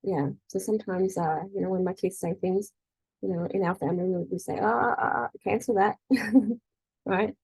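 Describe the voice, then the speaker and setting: This middle-aged woman's voice is mid-range, gravelly and husky with a darkish, steady tone, at a moderate pace. A spiritual energy-healing coach leading a group meeting, she gives a chatty, casual faith talk full of "you know" and "right?", acting out the voices she quotes. The audio is rough, with no room sound.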